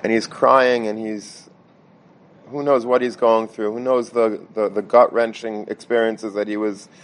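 A man's voice: fairly low pitch, level tone, a little slow. Man telling a dramatic religious story. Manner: stammering restarts and repetition; mixes Hebrew and Yiddish terms.

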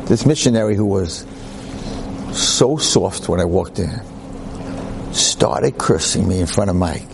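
A man's voice: sits low, measured pace, creaky, long pauses, background noise. A man lecturing who tells a personal story conversationally and acts out the people in it. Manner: animated, acts out voices, conversational.

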